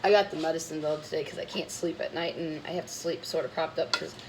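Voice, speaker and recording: A woman's voice: sits low, fairly even intonation, quick pace, noisy background. A woman cooking in her home kitchen, talking in a blunt, rambling, chatty way while sick with bronchitis. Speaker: cooking vlogger. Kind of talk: casual chatty cooking vlog.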